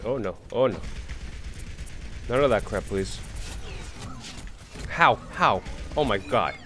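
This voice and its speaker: A man's voice: on the low side, lively intonation, slow, fairly bright tone, faint music behind. Tired, exasperated gaming streamer, man. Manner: exasperated muttering to himself. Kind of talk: live gameplay commentary.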